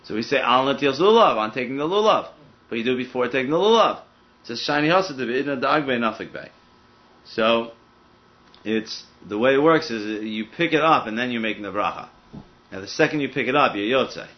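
A man leads a Talmud study group at a brisk clip, working through the text aloud with frequent "I mean" asides. The recording is dull and lo-fi, with a muffled top end. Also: mid-range voice, expressive. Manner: fast, thinking aloud with many "I mean" asides. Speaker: Talmud teacher. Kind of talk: casual study-group teaching.

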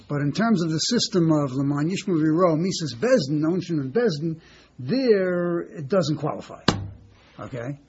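A man with a slightly high voice gives a Talmud class lecture, stopping and restarting, repeating words and asking "okay?" to keep his listeners with him. The recording is dull and lo-fi, with a faint hiss underneath. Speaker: Talmud teacher.

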